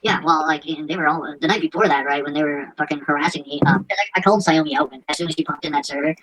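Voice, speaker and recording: Fast-talking, low-voiced crude podcast host. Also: female voice, over music, low-quality recording. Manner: crude, mocking, laughs often; stumbles while reading aloud. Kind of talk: casual profane chat.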